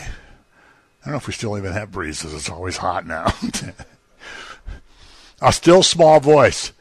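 A man's voice: medium pitch, fairly bright tone, dry recording. A man preaching a sermon in a conversational teaching manner, rising emphatically on key phrases. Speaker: pastor.

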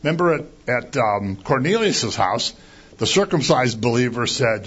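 A man with a husky, mid-range voice delivers a conversational sermon at a moderate pace. He's animated, acting out quoted complaints and firing off rhetorical questions, and the recording is dull and lo-fi.

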